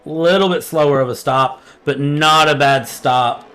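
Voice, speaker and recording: A young man giving fast, energetic live commentary on an online sim race. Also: on the high side, smooth. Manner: energetic, quick play-by-play.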